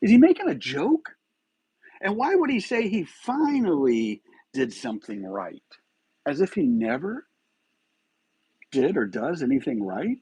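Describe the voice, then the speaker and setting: A man's voice: on the high side, wildly swooping pitch, measured pace, long pauses, mellow, breathy edge, no echo, rough recording. A man hosting a live stream of true-crime commentary, agitated and firing rhetorical questions.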